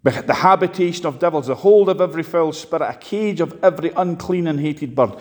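A man preaching a sermon, impassioned, swinging sharply between loud and quiet. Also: fairly quick. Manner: impassioned, rises and drops sharply in pitch and volume. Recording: long hall reverb.

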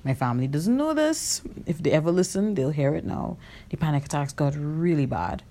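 A woman's voice: low-pitched, very animated, brisk, mellow. A woman hosting a podcast, telling a personal story in a candid, reflective way, with many fillers and self-corrections. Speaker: podcast host.

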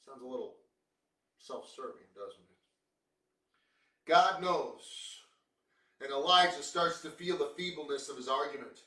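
Male preacher, sermon, emphatic, rhetorical, bright tone, roomy echo. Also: medium pitch, takes it slowly, pauses often, recorded from a distance. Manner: emphatic, rhetorical questions, swings between quiet and loud. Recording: roomy, from off the mic.

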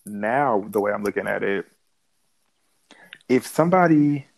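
A man's voice: lowish voice, lively intonation, a little slow, gravelly, no echo, poor audio. A man in his thirties, a little drunk, talking casually with many restarts and laughs. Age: 30s. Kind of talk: casual chat.

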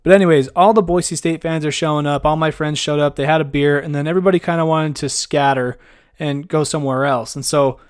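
A young man tells a funny story in a relaxed, chatty way, often poking fun at himself. His voice sits a little high. The sound is close and dry, with no room echo. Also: a little fast, smooth. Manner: chatty, self-mocking, laughs at his own story. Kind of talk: casual storytelling.

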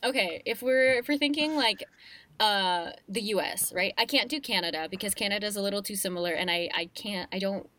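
A young woman chatting casually as a guest, animated and playful, laughing often as she talks. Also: mid-range voice, a little fast. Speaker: guest, voice actor. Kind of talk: casual conversation.

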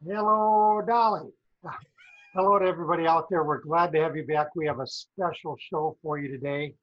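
A man's voice: a little high, steady tone, fast. A man co-hosting a business talk show, chatty, rambling and playful. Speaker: co-host, former professor. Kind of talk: casual talk-show chat. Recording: dull lo-fi audio.

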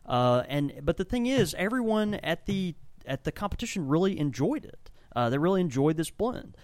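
A man's voice: high voice, very animated, moderate pace, a little mellow, no room sound. Rambling, enthusiastic male podcast co-host. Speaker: podcast co-host and tobacco shop blender. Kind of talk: casual chat. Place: tobacco shop.

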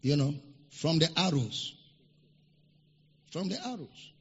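A man's voice: on the high side, expressive, takes it slowly, breathy edge. A man preaching a sermon as a pastor, stressing points by repeating phrases, in a church hall. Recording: dull lo-fi recording with long hall reverb.

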